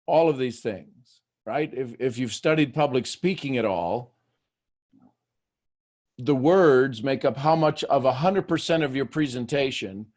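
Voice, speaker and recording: A male motivational host with a mid-range voice speaks to his listeners. He keeps asking them questions and shifts his delivery often, dropping to a near hush and then rising to loud bursts. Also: medium pitch, measured pace. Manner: dynamic, swings between hushed and shouted. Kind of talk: motivational talk on a call.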